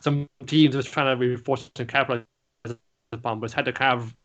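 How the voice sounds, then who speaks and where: A man's voice: medium pitch, fairly even intonation, fast, fairly bright tone. Profane, chuckling man recapping an episode. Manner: loose and profane, breaks into laughter, acts out lines mid-story. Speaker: anime podcast co-host.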